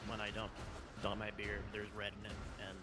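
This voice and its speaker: A man chatting casually with friends while streaming a game, joking and boasting in a rapid, self-assured way. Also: lowish voice, monotone, heavy background noise. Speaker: streamer playing online. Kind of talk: casual gaming chat. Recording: game music behind the voice.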